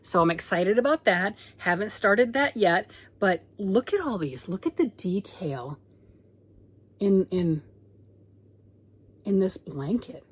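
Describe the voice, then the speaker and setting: A middle-aged woman hosting a crochet channel, chatting excitedly at home while showing a blanket she is making, and sometimes dropping into a whisper. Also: mid-range voice, takes it slowly, pauses often, breathy edge. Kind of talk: casual show-and-tell chat.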